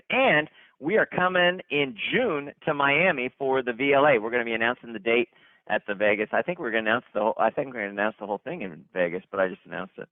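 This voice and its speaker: A company leader hosts a conference call, sounding hyped as he gives upbeat shout-outs over a tinny phone line. He repeats himself and stumbles into restarts. His voice is mid-range, with no echo.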